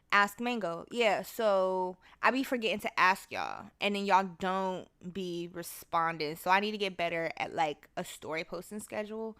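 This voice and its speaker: A woman's voice: medium pitch, sharp tone, clear, resonant tone. A young woman hosting her own podcast, talking casually and profanely, and breaking into song now and then. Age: young adult. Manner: chatty, profane, bursts into song. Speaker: podcast host. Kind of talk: casual solo podcast chat.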